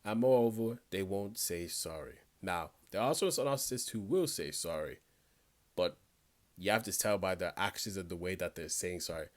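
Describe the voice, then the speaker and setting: A man's voice: low voice, moderate pace. A man giving reaction commentary, talking bluntly and directly to the viewer in a conversational way.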